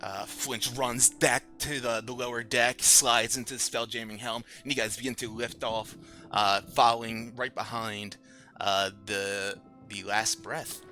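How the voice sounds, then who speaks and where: Give me a bright male dungeon master narrating casually. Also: mid-range voice, little pitch movement, unhurried, soft background music. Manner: casual, filler-heavy narration. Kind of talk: narrating a tabletop game.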